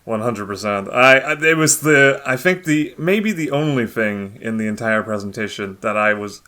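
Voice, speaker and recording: A man's voice: medium pitch, lively intonation, moderate pace, pushed and bright. A man co-hosting a casual podcast chat who laughs often and swears freely. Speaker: podcast co-host.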